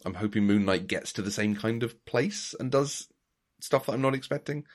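A man's voice: lowish voice, normal speed. A man co-hosting a podcast in casual chat, thoughtful and easygoing. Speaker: podcast co-host.

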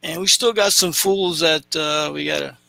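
A man's voice: a little high, moderate pace, vocal fry, sharp tone, no echo. A man hosting a casual podcast, bantering loosely and joking about himself. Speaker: podcast host.

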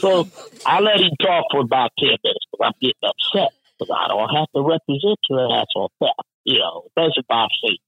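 A union representative recounts a workplace story in casual, swear-heavy talk, animatedly performing the voices of the people involved. His voice is mid-range and brisk with a breathy edge, and the recording's highs are cut off.

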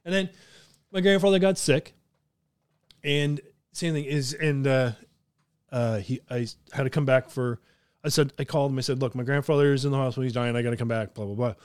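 Speaking briskly in a smooth, medium-pitched voice, this podcast host from southern Ontario, Canada tells casual stories that are profane, animated, and full of laughing. The studio-quality audio has no echo.

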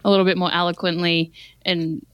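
A woman's voice: on the low side, little pitch movement, fairly quick, fairly bright tone, clean tone, no room sound, lo-fi sound. A woman, co-hosting a podcast in casual chat, blunt, swearing freely and laughing often. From Australia. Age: 20s. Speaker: podcast co-host.

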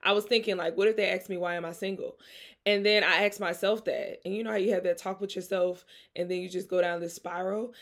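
A woman's voice: mid-range voice, fairly even intonation, fast talker, few pauses, fairly bright tone. A young woman from Mississippi with a Southern accent, hosting her podcast in a loose, chatty way and laughing often. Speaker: podcast host. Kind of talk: casual chat.

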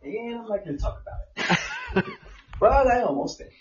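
A man co-hosting a podcast, telling crude stories in an animated way, laughing often and swearing a lot. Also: very high voice, normal speed, noisy background. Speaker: podcast co-host. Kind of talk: crude casual chat. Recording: roomy, distant, dull lo-fi sound.

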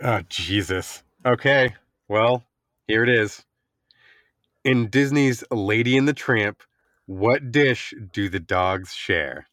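A man's voice: fairly low pitch, slow, fairly bright tone, no room sound, clean studio sound. A man co-hosting a casual movie podcast and running a quiz, playful and laughing often. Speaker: podcast co-host, quiz master.

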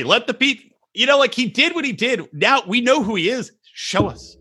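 A man co-hosting a casual comedy podcast, swearing a lot and acting out quotes in an animated way. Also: very high voice, normal speed, slightly rough. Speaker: podcast co-host. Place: recording room, west coast.

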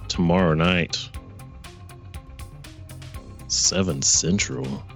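A man's voice: sits low, a little slow, fairly bright tone, soft background music. A man hosting his own podcast in casual political commentary, rambling and correcting himself, with profane asides. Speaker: podcast host.

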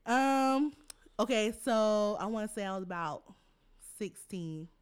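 A woman's voice: mid-range voice, animated, unhurried, clean tone. A young adult woman co-hosting a podcast, telling a story in casual chat, laughing often and acting out the quotes. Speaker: podcast co-host.

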